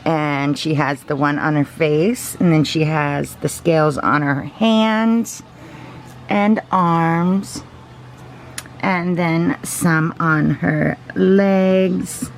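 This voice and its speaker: A woman chatting casually and gushing softly, laughing often as she shows off her collection. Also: low voice, steady tone, drawn-out words, slight background noise. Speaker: reborn doll collector. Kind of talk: casual show-and-tell vlog.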